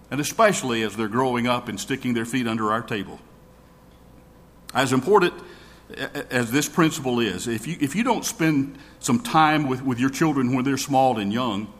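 Earnest preacher in a reverberant hall. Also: male voice, medium pitch, a bit bright. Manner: earnest, repeats words as he starts sentences. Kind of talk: sermon. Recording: long reverb of a large hall.

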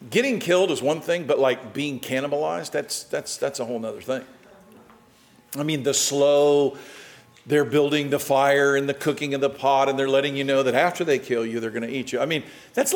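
A man preaching a sermon as pastor, animated, with dramatic swings in loudness and emphasis. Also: mid-range voice, normal speed.

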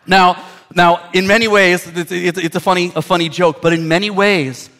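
Higher-voiced man preaching a sermon. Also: fairly even intonation, moderate pace, fairly bright tone. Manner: conversational storytelling, repeating words as he builds. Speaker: pastor.

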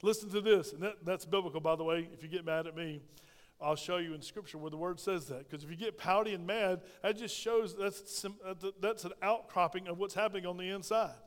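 Man, pastor, middle-aged, folksy emphatic preaching, high voice, long church reverb. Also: a little fast. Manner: folksy, emphatic preaching with call-and-response amens. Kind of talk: sermon. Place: church sanctuary.

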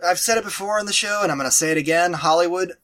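A man co-hosting a casual movie review podcast, animated and exasperated, quoting his own reactions. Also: high voice, very fast. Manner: animated, exasperated, quotes himself in mock voices. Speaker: podcast co-host.

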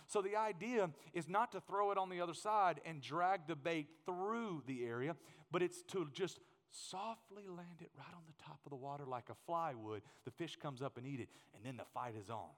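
A man preaching a sermon, telling a funny story in an animated way and acting out the scenes. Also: sits high, moderate pace. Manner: animated, humorous, acts out scenes. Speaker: pastor. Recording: long hall reverb.

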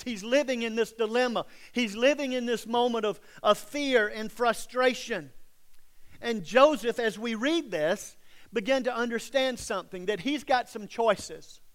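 A male pastor with a high speaking voice, preaching in a dramatic storytelling manner. He swings from bold emphasis down to hushed, near-whispered lines. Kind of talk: sermon.

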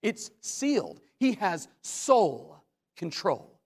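Male pastor, sermon, dramatic loud-and-soft delivery, long hall reverb. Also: sits high, huge pitch swings, slow pace, creaky. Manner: dramatic rising and falling delivery, sudden loud questions and hushed asides.

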